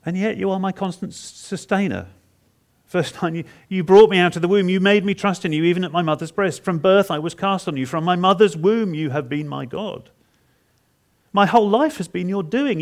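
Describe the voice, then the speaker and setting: A man preaching in a higher-than-usual register with a gravelly edge to his voice. He retells scripture dramatically in the first person. His delivery is halting, and he repeats words for emphasis. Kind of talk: expository sermon.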